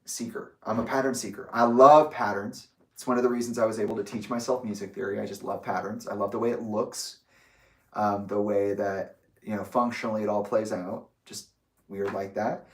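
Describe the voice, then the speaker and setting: A man's voice: fairly low pitch, steady tone, normal speed. Candid young man rambling in an echoey room. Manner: rambling and candid, with restarts and swearing. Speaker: vlogger. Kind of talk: personal reflective monologue. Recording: roomy echo, distant from the mic.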